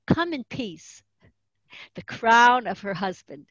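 A woman's voice: on the high side, moderate pace, no room sound. A woman giving an earnest religious lesson, explaining Hebrew terms and telling stories. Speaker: teacher of Jewish tradition. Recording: dull, muffled dry recording.

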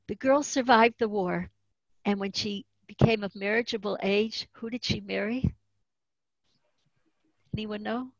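A woman's voice: medium pitch, moderate pace, dry recording. Woman, religious teacher, earnest storytelling lesson, dull dry recording. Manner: earnest, explains Hebrew terms. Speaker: teacher of Jewish tradition.

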